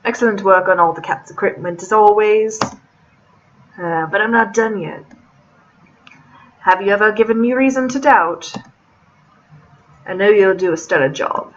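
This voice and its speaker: A woman voicing a suave older British male cafe owner with a put-on British accent, smooth and courteous. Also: medium pitch, normal speed, pauses often, lo-fi sound, a little hiss or hum, close to an everyday voice.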